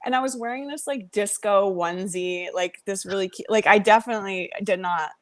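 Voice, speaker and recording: A woman rapper, a podcast guest, telling a story with lively energy, swearing freely and acting out the voices of the people in it. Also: mid-range voice, fairly quick. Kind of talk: animated storytelling.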